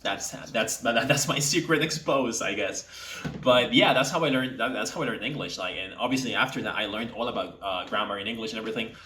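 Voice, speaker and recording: A young man from Mexico, an English teacher, chatting casually to camera and speaking deliberately from the throat. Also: fairly low pitch, sharp tone, slight background noise. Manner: speaks from the throat to sound native-like. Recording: echoey room.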